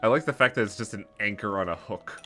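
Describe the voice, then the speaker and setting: A man's voice: on the low side, quick pace, sharp tone, slight background noise. A young man chatting casually and joking while streaming a game, tired from hours of talking. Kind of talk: casual live-stream chat.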